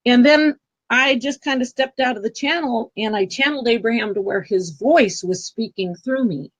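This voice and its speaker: A woman guest telling a personal spiritual story in an earnest, emotional, halting way. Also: on the high side.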